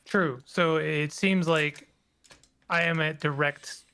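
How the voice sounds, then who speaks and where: A man playing in a tabletop game, thinking aloud in a halting way with many restarts. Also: fairly high pitch, steady tone, pushed and bright, smooth. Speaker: player. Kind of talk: casual tabletop play.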